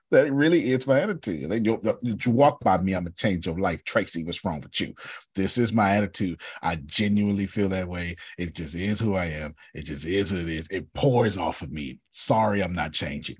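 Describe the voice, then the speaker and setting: A man, a bishop, giving an animated teaching talk on a video call, emphatic and repetitive, calling on listeners by name. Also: low voice, moderate pace, slightly rough, no echo, studio quality. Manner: emphatic, repeats himself, calls on listeners by name.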